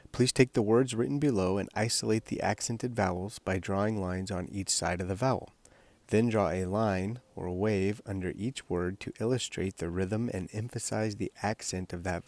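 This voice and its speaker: A man's voice: fairly low pitch, a little mellow, dry recording. A man explaining a writing exercise step by step, in a patient instructional manner. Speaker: language teacher.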